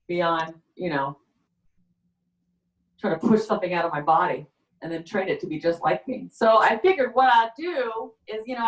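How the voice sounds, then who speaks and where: Deadpan woman comic in an echoey room. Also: medium pitch. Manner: rambling, halting deadpan delivery. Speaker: stand-up comedian. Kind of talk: stand-up comedy set. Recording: echoey room, far from the mic.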